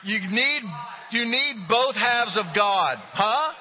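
A middle-aged man, a pastor, delivering a sermon with humorous, animated storytelling. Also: extremely high pitch, slow, slight background noise. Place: church sanctuary. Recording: dull recording with long hall reverb.

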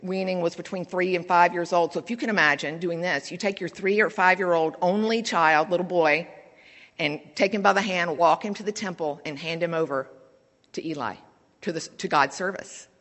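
A woman with a lowish, fairly bright voice preaches a sermon at a normal pace in a church sanctuary. She speaks conversationally and candidly, telling stories, and the recording carries a long church reverb.

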